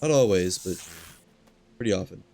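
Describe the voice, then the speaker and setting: A man streaming a game, talking to himself in a relaxed, muttering way while he plays, with hiccups. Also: low-pitched, normal speed. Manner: muttering to himself, laid-back. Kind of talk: casual gameplay commentary. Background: game ambience and engine noise.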